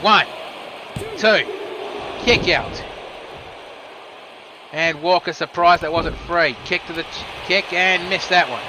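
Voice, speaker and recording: A man giving quick move-by-move wrestling commentary, with casual asides. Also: high voice, noisy background. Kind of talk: play-by-play commentary.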